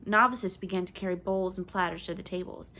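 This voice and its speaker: A woman reading a children's novel aloud in clear, measured storybook narration. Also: on the low side, steady tone, bright, forceful tone. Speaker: audiobook reader.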